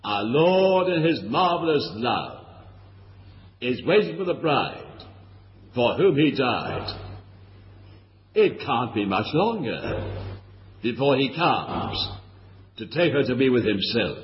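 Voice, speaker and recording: A man's voice: mid-range voice, big pitch swings, takes it slowly, long pauses. A man preaching a sermon, earnest and pleading, asking his listeners question after question. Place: church hall. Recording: lo-fi recording in a reverberant hall.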